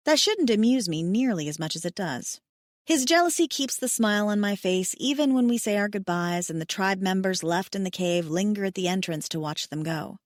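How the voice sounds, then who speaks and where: A woman narrating a first-person romance audiobook, expressive, wry and emotional. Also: mid-range voice, moderate pace, dry recording, studio quality.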